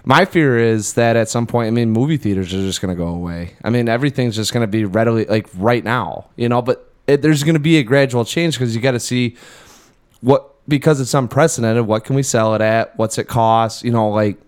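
A man co-hosting a podcast in loose, rambling talk. He keeps circling back and restarting his thoughts, with a smooth voice at a middling pitch. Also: a little fast. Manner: rambling, thinks aloud with fillers and restarts; laughs often. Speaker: podcast co-host. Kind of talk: casual chat.

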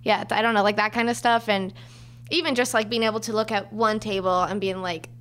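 A woman's voice: medium pitch, brisk. A woman in her twenties, an actor guest, chatting casually and animatedly on a podcast. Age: 20s. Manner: animated, acts out quoted voices.

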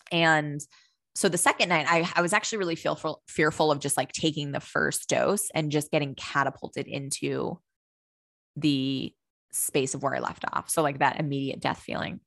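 A woman's voice: low-pitched, a bit bright, no room sound, clean studio sound. A young woman talking candidly and with animation, swearing casually as she tells a personal story and acts out her own thoughts.

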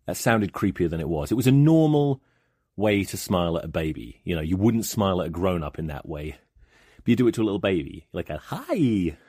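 A man's voice: deep voice, expressive, fast talker, warm tone, no echo, clean studio sound. A man hosting a podcast, telling rambling, profane comic stories in a monologue. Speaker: podcast host.

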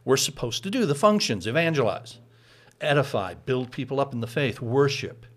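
A man's voice: mid-range voice, lively intonation, moderate pace, a bit bright. Man explaining church teaching casually. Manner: explains patiently, chuckles often. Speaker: pastor.

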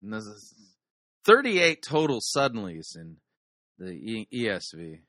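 A man's voice: lowish voice, very animated, a little slow, a bit bright, no echo. A man hosting a sermon review, giving dry, wisecracking critical commentary on a preacher's clip.

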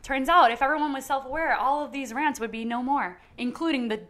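A woman's voice: high voice, fairly quick, sharp tone. Blunt young woman podcast co-host. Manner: blunt, dry quips and interjections. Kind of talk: casual ranting chat.

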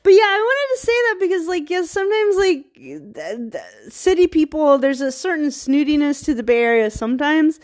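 A woman from small-town Virginia with a Southern accent talks straight to camera in a loose, rambling vlog. Her voice sits a bit high for a woman. She stops and restarts often and laughs in the middle of her sentences. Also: animated, normal speed, darkish tone. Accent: Southern American, rural Virginia. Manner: rambling, chatty, many fillers and restarts. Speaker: vlogger. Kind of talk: casual monologue.

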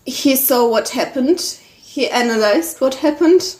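Teasing woman co-writer, high voice, echoing room. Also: measured pace, a little mellow. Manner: teasing, laughing. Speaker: co-writer reading a story. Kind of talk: casual chat. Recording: roomy echo.

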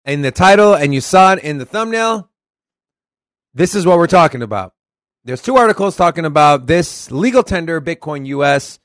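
Animated Texan man hosting a podcast. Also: on the high side, dry recording, studio quality. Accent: Southern US. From Texas. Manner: animated, swears casually, reads articles aloud. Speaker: podcast co-host. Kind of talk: casual podcast chat.

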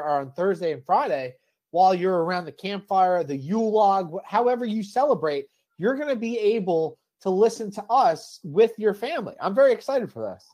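A man's voice: high voice, a little mellow. A young man hosting a podcast, joking in casual banter and reading ads. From Irish heritage. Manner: joking, quick banter with ad reads. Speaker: podcast host.

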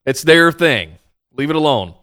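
A man's voice: on the high side, lively intonation, normal speed, bright, forceful tone, clean tone. A man co-hosting a podcast, blunt and joking in casual wrestling chat. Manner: blunt, joking, mock-exasperated. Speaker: podcast co-host.

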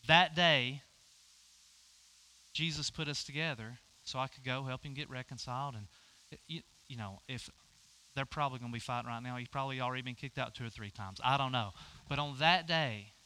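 A man's voice: medium pitch, brisk, bright, forceful tone. A man preaching a sermon, telling a personal story and acting out both sides of the conversation. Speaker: pastor.

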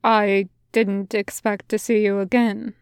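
Lady reading a deadpan quiet assassin guy, flat and slow, super clear. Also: medium pitch, dry recording, studio quality. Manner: flat and terse. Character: flat-voiced reserved male assassin.

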